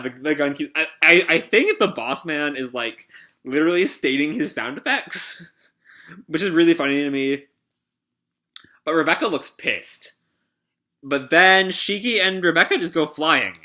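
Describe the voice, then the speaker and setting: A man's voice: a little high, animated, moderate pace, pushed and bright. A man reading a manga chapter aloud and reacting live, chatty, with frequent fillers and laughs. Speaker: online video creator reacting to a manga.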